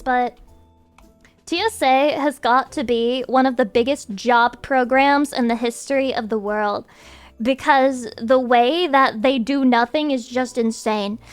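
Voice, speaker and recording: High-pitched lady streamer, swears a lot, rants and rambles, faint music behind. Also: smooth. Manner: profane, ranting, rambling. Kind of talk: casual chat with viewers.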